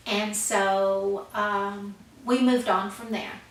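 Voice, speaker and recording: A woman's voice: mid-range voice, steady tone, very slow. An older woman telling her personal life story in a plain-spoken, heartfelt way. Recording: echoey room, voice from far off, faint noise.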